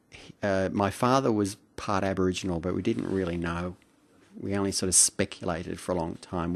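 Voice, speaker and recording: An Australian man, middle-aged, reminiscing late at night at home in a rambling, hesitant way with many fillers and soft chuckles. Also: deep voice. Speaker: vlogger. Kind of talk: late-night reflective monologue.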